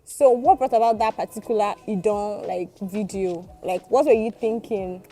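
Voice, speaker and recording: A woman's voice: mid-range voice, normal speed, warm tone. A Nigerian woman with a Nigerian accent hosting a casual interview, teasing and encouraging her guest with frequent laughter. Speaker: interview host.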